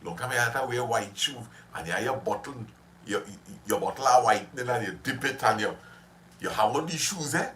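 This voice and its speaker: A man's voice: medium pitch, animated, fairly quick, fairly bright tone, a little hiss or hum. A man hosting a casual livestream, chatty and reminiscing, laughing often as he talks with viewers. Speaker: livestream host.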